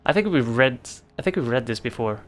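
A man's voice: mid-range voice, animated, brisk, fairly bright tone, faint music behind. A man giving casual let's-play commentary, thinking aloud with lots of fillers and mild exasperation.

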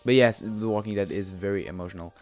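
A young man who hosts a gaming channel gives casual let's-play commentary on the game he's playing, rambling, joking and swearing a lot. His voice is fairly low, a little mellow and fast, with soft background music.

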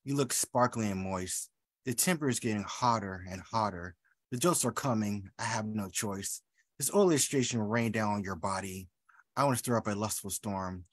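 A man's voice: fairly low pitch, normal speed, no echo. Playful man reading rhymes, dry sound. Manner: playful, rhyming banter with filler ums. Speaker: open mic poet. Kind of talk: rhyming poetry reading with casual asides.

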